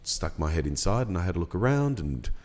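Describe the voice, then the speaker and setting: A middle-aged man, telling a personal story in a casual podcast chat, unhurried and reflective with many pauses and ums. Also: sits low, very animated, darkish tone. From Australia. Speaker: podcast guest.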